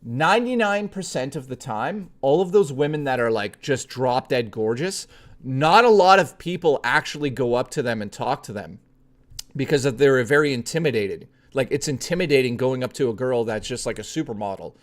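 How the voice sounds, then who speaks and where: A man's voice: mid-range voice, expressive, normal speed. A male streamer telling a story to his live chat in a blunt, profane, chatty way, speaking straight to his viewers.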